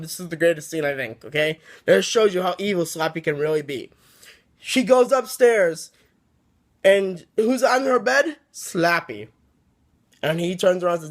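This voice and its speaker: Man, casual book reviewer, excitable and rambling with many restarts; voice sits high. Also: measured pace.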